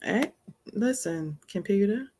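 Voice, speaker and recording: Woman host, mid-pitched, gravelly edge, lively emphatic teacher. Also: slow pace, slight background noise. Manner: animated, emphatic storytelling. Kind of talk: informal spiritual teaching.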